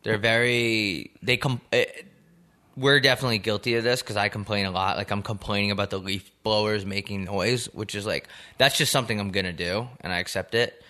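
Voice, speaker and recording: A man's voice: fairly low pitch, steady tone, fairly quick, sharp tone. A young man co-hosting a podcast, riffing in a crude, rambling, joking way with plenty of swearing. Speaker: podcast co-host. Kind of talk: casual comedic podcast chat.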